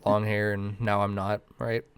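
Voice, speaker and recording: A man's voice: on the low side, flat delivery, measured pace. Rambling, swearing young man. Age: 20s. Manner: rambling, swears a lot, laughs at himself. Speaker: podcast co-host. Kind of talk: casual podcast chat.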